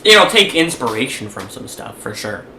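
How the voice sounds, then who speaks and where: Male podcast co-host, rambling and playful, bright voice, roomy far-off mic. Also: fairly low pitch, sing-song, moderate pace, creaky. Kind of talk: casual podcast chat. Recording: roomy, distant mic with faint hiss.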